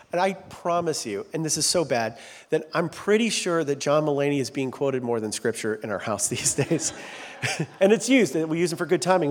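A man's voice: fairly high pitch, long reverb tail. A man preaching a sermon as a pastor in a church, talking in a loose, joking, self-deprecating way. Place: large church sanctuary.

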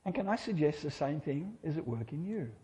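A man's voice: on the high side, big pitch swings, brisk, dark tone, big-room sound. A middle-aged man preaching a sermon in church, conversational and humorous, often asking his listeners rhetorical questions.

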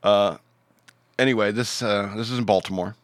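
A man's voice: fairly low pitch, steady tone, normal speed, no echo. A man hosting a podcast, reading out odd news stories in a rambling, joking way with many fillers. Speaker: podcast host.

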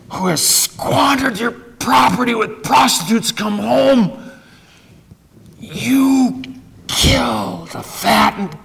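A resentful young son airs his grievance to his father in a raised, aggrieved voice that climbs high in pitch. A preacher acts him out as he reads the parable aloud. The delivery is slow and drawn out. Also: vocal fry, bright, forceful tone, big-room sound, exaggerated voice. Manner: aggrieved, pleading, voice rising high. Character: resentful bitter older son, young man.

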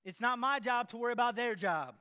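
A man preaching a sermon in an energetic, playful way, with sarcastic asides. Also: very high voice, brisk.

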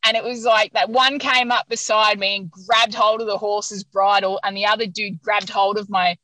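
Woman, podcast guest, bright forceful tone, dry close sound, animated storytelling, frequent laughter. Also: medium pitch, moderate pace, no room sound, rough recording. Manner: animated, laughs often while telling. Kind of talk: casual storytelling interview.

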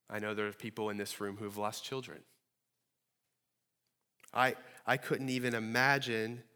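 A man's voice: lowish voice, pushed and bright. Earnest male pastor in a reverberant church. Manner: earnest, rises to pleading when voicing prayers. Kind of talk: sermon. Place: church sanctuary.

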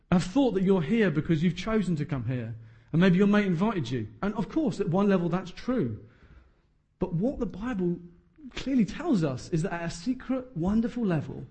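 Animated preacher in his thirties. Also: high-pitched. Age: 30s. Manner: emphatic, joking asides. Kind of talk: sermon.

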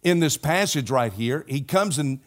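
A man's voice: a little high, expressive, moderate pace. An older man preaching a sermon to his congregation, with an earnest, repetitive cadence and folksy asides. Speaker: pastor.

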